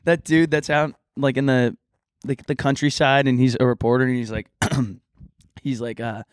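A man with a mid-pitched voice chats on a podcast and tells stories with animated energy. The recording is dry and close, with no room sound. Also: moderate pace, smooth, no echo. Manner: animated storyteller, bursts into loud high impressions. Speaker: podcast co-host. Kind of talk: casual chat.

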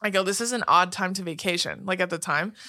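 A woman in her twenties from California, co-hosting a podcast in casual chat, telling animated stories, swearing freely and laughing often. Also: fairly low pitch, fast talker. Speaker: podcast co-host.

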